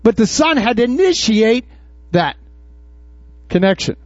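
A man preaching to his congregation in a high voice, tossing out questions and acting out Bible scenes. The sound is dry and a little dull. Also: sing-song, unhurried, no room sound. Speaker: pastor. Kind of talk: sermon. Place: church before a congregation.

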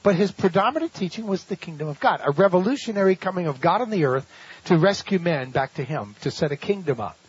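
A man's voice: sits high, lively intonation, quick pace, slightly rough, highs cut off. A man preaching a sermon, telling a story dramatically with laughs and rhetorical questions. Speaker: pastor.

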